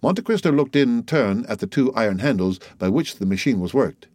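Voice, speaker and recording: A man narrating a classic novel as an audiobook, with steady storytelling delivery. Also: mid-range voice, moderate pace, dry recording. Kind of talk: scripted narration.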